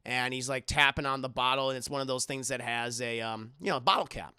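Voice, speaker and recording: Man recapping a film to live chat, bright tense voice, dry close mic, restless restarts. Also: mid-range voice, brisk, clean tone, dry recording. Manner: animated, restarting sentences, acting out lines. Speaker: film review streamer.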